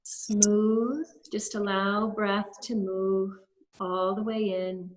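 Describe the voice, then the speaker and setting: A woman, a holistic health practitioner, leading a guided breathing exercise with gentle step-by-step instructions over a webinar video call. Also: mid-range voice, level tone, extremely slow, rough recording.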